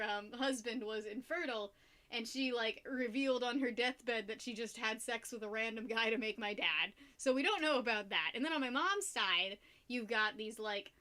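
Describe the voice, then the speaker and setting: A young woman from the United States chats loosely with her viewers as she streams, rambling from thought to thought and laughing often. Her voice sits a bit high and sounds crisp and bright. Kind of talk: casual chat with viewers while painting.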